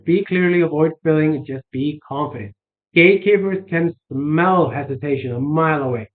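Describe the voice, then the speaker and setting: Man, fairly high voice, casual sales coaching, rambling with restarts, thin phone-like sound. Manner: rambling, restarts, filler-heavy. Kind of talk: casual instructional talk.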